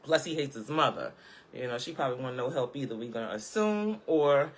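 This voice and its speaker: A woman's voice: rumbling low, expressive, a little fast, husky. A woman vlogger chatting casually in a live stream from home. She sounds sassy and emphatic, often tagging her points with "okay?" and breaking into laughter. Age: adult, parent of a school-age child. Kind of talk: casual live-chat commentary.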